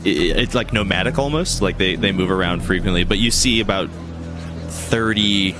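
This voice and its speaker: A man's voice: sits low, normal speed, music in the background. A man narrating as game master of a tabletop game, often stammering and restarting phrases.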